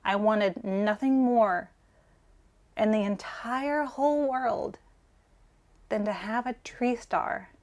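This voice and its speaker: A woman's voice: mid-range voice, takes it slowly, pauses often, darkish tone. A woman in her forties co-hosting a collectors' vlog, telling a story in an earnest, sentimental, gushing way. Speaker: collector co-host.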